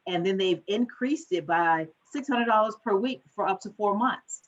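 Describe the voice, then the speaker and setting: A woman financial advisor giving an animated conference talk, speeding up when she gets excited. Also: medium pitch, normal speed, dull audio.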